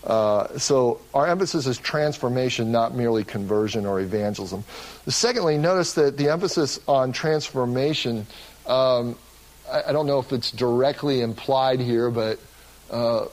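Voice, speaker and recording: A man's voice: medium pitch, normal speed, darkish tone, rough recording. A man preaching a sermon as pastor of his church, earnest and often restarting his words. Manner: earnest, with frequent word repeats and restarts.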